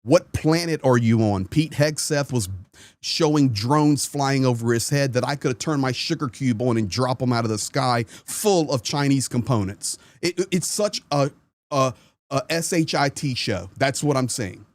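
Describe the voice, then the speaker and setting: American man, political show host, angry emphatic ranting, mid pitch, dry close sound. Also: normal speed, no echo. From United States. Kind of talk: heated political commentary.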